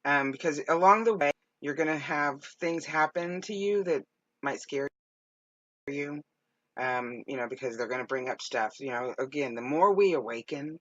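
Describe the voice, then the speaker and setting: A woman's voice: low voice, normal speed, highs cut off. A woman hosting as a psychic medium, giving spiritual guidance with many fillers. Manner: warm, speaks with lots of fillers.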